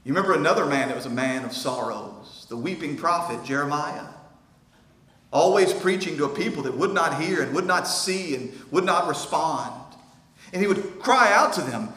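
A man preaching a sermon as pastor, shifting between hushed, quiet passages and loud, impassioned ones. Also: a little high, lively intonation, moderate pace. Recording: echoey hall, long reverb.

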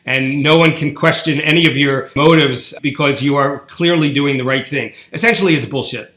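A man giving an interview, making a forceful, opinionated argument. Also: on the high side, normal speed, roomy sound. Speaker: interview guest. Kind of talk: podcast interview.

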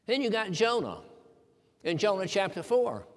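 A man's voice: sits high, sing-song, normal speed. A man preaching a sermon in a folksy, emphatic way, quoting scripture. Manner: folksy, emphatic preaching with King James quotes. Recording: long hall reverb.

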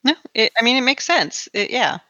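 Female podcast co-host, bright and tense tone, hesitant delivery, dry muffled recording. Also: fairly high pitch, lively intonation, normal speed, dry recording. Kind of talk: casual chat. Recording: dull, dry lo-fi sound.

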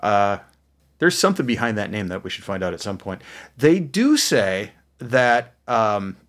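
A man's voice: lowish voice, very animated, a bit bright. Casting: man co-hosting a beer chat, talks his way through explanations, many ums and restarts. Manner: explanatory, halting with fillers and restarts. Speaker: beer podcast co-host. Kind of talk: casual chat.

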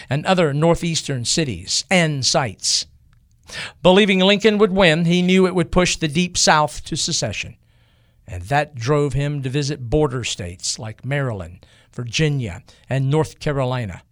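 A man giving a scripted history narration in a measured, emphatic storytelling manner. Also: a little high, fairly bright tone, no echo, studio quality.

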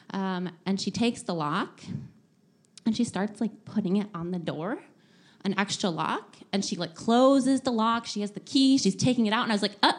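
Animated young woman telling a story. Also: mid-range voice, normal speed. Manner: animated, laughing often, many filler likes. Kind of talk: casual personal storytelling.

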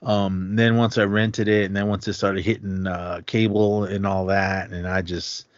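Podcast co-host, male, from Oakland, lowish voice, rambling and upbeat, dry dull-sounding mic. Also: little pitch movement, measured pace, no echo. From Oakland, California. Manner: rambling, enthusiastic, laughs often. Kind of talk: casual movie review chat.

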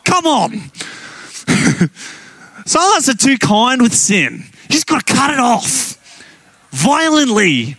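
A man preaching a sermon as guest pastor, telling the story with animated emphasis and frequent laughs. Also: extremely high pitch, takes it slowly, long pauses.

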